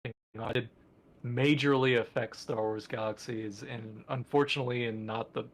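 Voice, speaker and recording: A man's voice: mid-range voice, fairly even intonation, moderate pace, a little hiss or hum. Rambling enthusiastic man on a podcast. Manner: rambling and enthusiastic, many fillers. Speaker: podcast co-host. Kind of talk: casual podcast chat.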